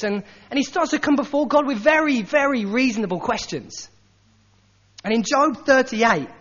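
A man preaching a sermon in a conversational, animated way, acting out the quotes he tells. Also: very high-pitched, normal speed. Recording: dull sound with long hall reverb.

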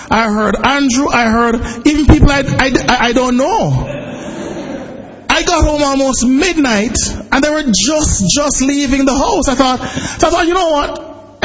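A man, a pastor telling a lively personal story during a sermon and shouting at its most excited points. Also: very high-pitched, slightly rough, dull audio. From Jamaica. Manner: animated storytelling, bursts into shouting when excited.

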